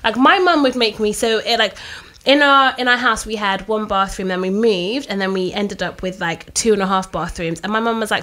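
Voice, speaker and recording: A woman's voice: mid-range voice, fairly quick. A woman in her twenties, co-hosting a casual podcast chat and telling family stories, acting out her mum's lines. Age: 20s. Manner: animated storyteller, acts out her mum, laughs often. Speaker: podcast co-host.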